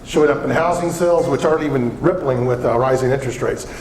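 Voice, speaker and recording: A man from southwestern Colorado giving a humorous conference keynote, an energetic storyteller who quizzes the crowd. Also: mid-range voice, fast talker. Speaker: keynote economic speaker. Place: large conference hall. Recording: echoey conference hall.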